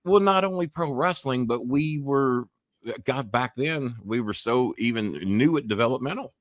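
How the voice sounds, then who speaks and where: A man's voice: medium pitch, animated, normal speed, dry recording, clean studio sound. A man hosting a talk show, chatting casually as a rambling, joking storyteller.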